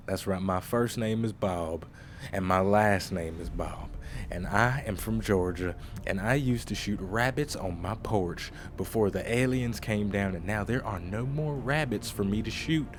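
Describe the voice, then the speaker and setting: A man voicing a boastful Southern soldier who used to hunt rabbits, with a put-on Southern US accent and a slow drawl. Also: on the low side, a little hiss or hum, close to an everyday voice. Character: gruff Southern male rabbit-hunting soldier.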